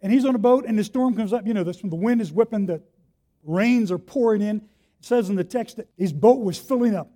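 High-voiced, warm male preacher. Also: fairly quick. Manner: vivid storytelling with big swings between soft and loud. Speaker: pastor. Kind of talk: sermon.

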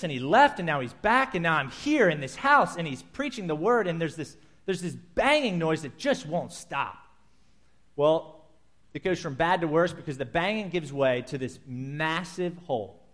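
A man preaching a sermon, telling a scripture story in vivid, animated detail and acting out its scenes. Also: on the high side.

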